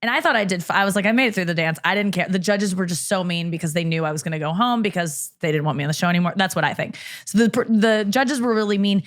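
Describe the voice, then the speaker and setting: A woman comedian, a podcast guest, telling stories in casual chat with animated delivery and casual swearing. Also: on the low side, fast, hardly any pauses.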